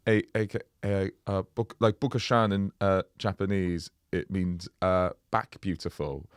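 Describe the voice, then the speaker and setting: A man's voice: deep voice, fairly even intonation, unhurried, clean tone, dry recording. A man co-hosting a comedy podcast, chatting casually, mumbling a little and laughing often. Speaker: podcast co-host.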